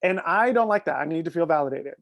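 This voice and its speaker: Gossipy man telling quick stories. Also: a little high, lively intonation, creaky, a bit bright. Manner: gossipy, quick storytelling with bursts of laughter. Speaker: guest. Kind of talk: casual live-stream chat.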